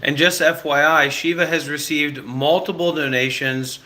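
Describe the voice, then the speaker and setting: A man's voice: fairly high pitch, steady tone, normal speed, bright, forceful tone. A man hosting a casual livestream chat, blunt and sarcastic as he teases his co-host and callers.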